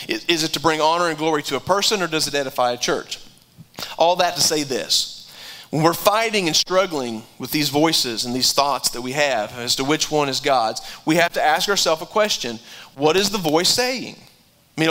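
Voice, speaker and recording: Male preacher, sermon, conversational, high-pitched, bright tone. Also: poor audio. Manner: conversational, repeats words, rises in pitch when stirred.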